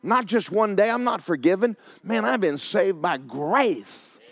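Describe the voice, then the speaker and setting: A middle-aged man preaching a sermon in folksy storytelling, swinging from hushed tones to excited shouting. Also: sits high, a little slow, dry recording.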